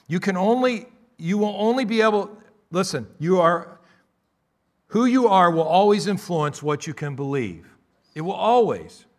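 A male pastor preaching a sermon, calling out for amens and moving between loud emphatic bursts and quieter asides. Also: high-pitched, animated, measured pace.

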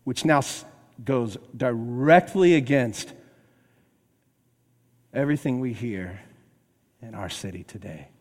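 A man preaching a sermon as pastor, emphatic, swinging between raised and hushed delivery. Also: mid-range voice, takes it slowly, pauses often, long reverb tail.

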